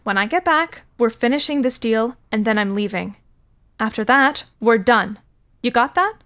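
A woman's voice: a little high, animated, normal speed, a bit bright, no room sound, clean studio sound. An actress voicing a blunt, impatient woman in an audio drama, speaking in short, clipped lines. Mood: cold anger. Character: hard-edged young woman buyer, blunt and impatient.

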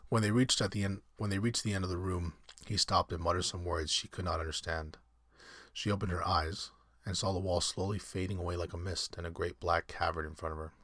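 A man with a very low voice reads a story aloud at a relaxed pace. He sometimes trips over a word and corrects himself. The sound is close and dry. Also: no room sound. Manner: unhurried, with slips and self-corrections. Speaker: reader. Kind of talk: storybook reading.

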